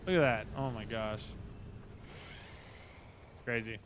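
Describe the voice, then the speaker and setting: A man hosting a casual live game stream, chatting with viewers and greeting them by name, with excitable bursts. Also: on the low side, slow pace, a little hiss or hum. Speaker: livestream host. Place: at work, indoors.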